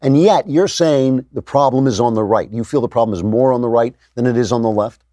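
A middle-aged man interviewing a guest in a political talk, thoughtful and halting, with many fillers. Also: medium pitch, dark tone, dry recording, clean studio sound.

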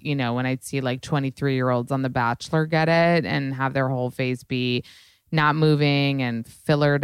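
A woman's voice: sits low, clear, resonant tone, dry recording. A woman hosting a solo podcast in casual chat, rambling with lots of "like" and "you know", on a close mic. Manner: chatty, rambling, many likes and you-knows. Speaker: podcast host.

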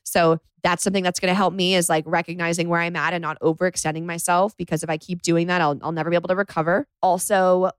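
A woman's voice: fairly low pitch, level tone, fast talker, few pauses, clear, resonant tone, dry recording. A young woman hosting a casual solo podcast from her bedroom, confiding and chatty, saying "like" a lot. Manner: chatty, confiding, says "like" often. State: emotional after crying. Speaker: podcast host.

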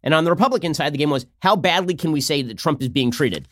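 A man hosting a political commentary show, talking fast with a sarcastic, mocking manner. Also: a little high, animated, a bit bright, dry recording, clean studio sound. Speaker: host.

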